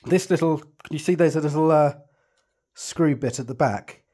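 A man's voice: on the high side, normal speed, warm tone, slightly rough. A man explaining telescope setup step by step while he works, chatty and reassuring, often thinking aloud. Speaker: telescope tutorial presenter. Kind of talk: hands-on setup tutorial.

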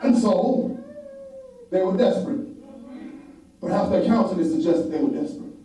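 A man's voice: high-pitched, normal speed, mellow. A man preaching a sermon as pastor, with call-and-response rhythm, repeated phrases, frequent "huh?" and half-sung lines. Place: church sanctuary. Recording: very echoey church from far off, faint music.

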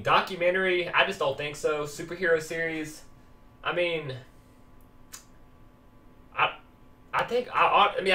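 A man's voice: fairly high pitch, a bit bright, far from the mic. Man, let's play commentary, joking and rambling, off-mic, echoey room. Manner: rambling, joking, reads game text aloud. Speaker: gaming YouTuber. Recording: roomy echo, voice off-mic.

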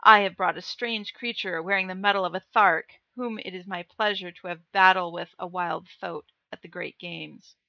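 A woman's voice: on the low side, steady tone, normal speed, creaky, few pauses, no room sound, muffled recording. A woman doing a roaring old Martian war chief. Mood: menacing. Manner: roaring, insulting. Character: menacing old male Martian warrior chief.

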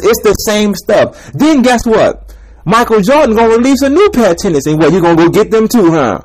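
Man, high and lively voice, emphatic street-slang preacher ranting to camera. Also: brisk, poor audio.

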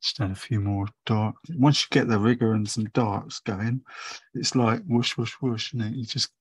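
Brief: male art tutor, older, chatty painting demo, husky, dry close sound. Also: lowish voice, fairly even intonation, moderate pace, no room sound, low-quality recording. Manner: rambling, chatty, thinks aloud while painting. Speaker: watercolour tutor. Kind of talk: casual painting demonstration.

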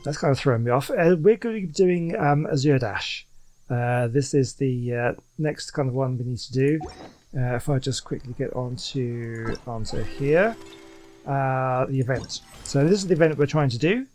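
A man giving casual commentary while playing a video game, rambling and excitable, with many fillers and restarts. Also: medium pitch, moderate pace. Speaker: let's play gamer.

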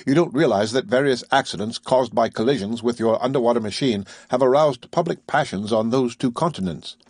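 A courteous, earnest scientist explains himself with care, as a male audiobook reader voices him. The tone is slightly husky at a middle pitch. The recording is dry, with no room around it. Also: a little fast, darkish tone, dry recording, lightly acted. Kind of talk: audiobook reading.

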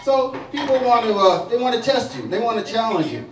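Here a stand-up comedian in a saloon speaks with an extremely high, expressive voice, a little fast, telling rambling stories full of fillers and restarts. It's a distant, echoey bar recording with slight background noise, the crowd audible and laughing.

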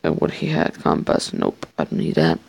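Excitable young man with a gravelly voice. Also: a bass voice, moderate pace, no echo. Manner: excitable, swears, jokingly boasts. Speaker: gamer playing a survival match. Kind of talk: casual game commentary. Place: his bedroom.

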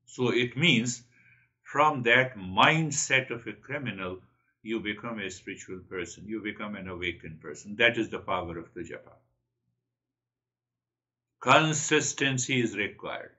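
A man's voice: on the low side, unhurried, bright, forceful tone, dull audio. A man giving a spiritual talk, earnest and repeating his key phrases. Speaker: spiritual teacher.

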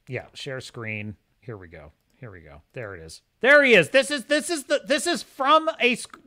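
A man's voice: fairly high pitch, bright, forceful tone, smooth. A man hosting a livestream, giving opinionated, emphatic commentary and often repeating himself for stress. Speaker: host of a streaming show.

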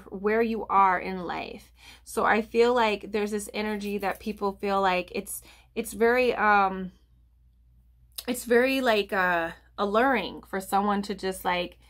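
A woman's voice: medium pitch, a bit bright. A woman giving a casual tarot reading to viewers, rambling with lots of fillers, restarts and "I feel like.". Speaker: tarot reader.

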